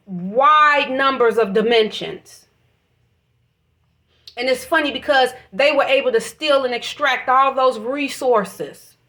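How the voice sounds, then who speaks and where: High-voiced passionate woman. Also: a bit bright. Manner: passionate, preachy, swears freely. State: emotional, voice catching. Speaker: vlogger. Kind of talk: emotional spiritual monologue.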